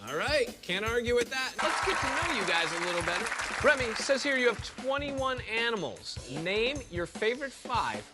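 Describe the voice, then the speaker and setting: Lively, teasing game show host man. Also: extremely high pitch, moderate pace, few pauses, over a noisy crowd. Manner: playful, teasing with deadpan jokes. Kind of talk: quick interviews with contestants on a TV game show. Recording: loud game show music behind.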